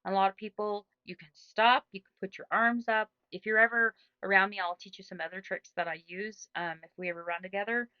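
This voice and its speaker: A woman's voice: medium pitch, steady tone, brisk, hardly any pauses, bright, forceful tone, clean tone, no room sound, dull audio. A middle-aged woman, a running coach, giving casual advice in a chatty, rambling way with lots of restarts.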